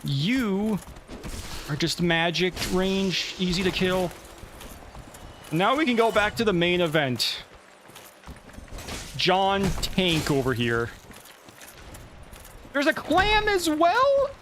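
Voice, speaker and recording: A man's voice: high-pitched, lively intonation, slow pace, pauses often, background noise. A man giving casual let's play commentary, thinking aloud and cursing when the game goes badly.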